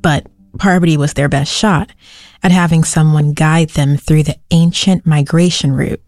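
Female podcast narrator, low, steady, scripted. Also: normal speed, no echo, studio quality, faint music behind.

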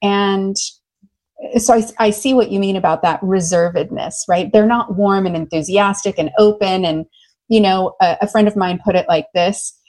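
A middle-aged American woman speaks as a guest in an interview, enthusiastic and animated. Her voice sits at a mid pitch, and she tells her stories with big laughter. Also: normal speed. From United States. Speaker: love coach guest. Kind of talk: conversational interview storytelling.

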